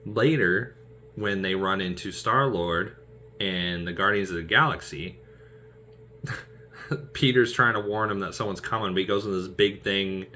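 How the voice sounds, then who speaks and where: A man's voice: low voice, measured pace, long pauses, pushed and bright, slight background noise. A man chatting casually and animatedly about favorite film scenes, laughing often. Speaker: aspiring actor vlogger.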